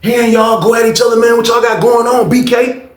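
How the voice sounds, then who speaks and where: A man voicing a homie who pleads with two men to calm down, in an echoey room. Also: extremely high pitch, a little fast, pitched above the performer's own voice. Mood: pleading. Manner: pleading, calming, drawn out.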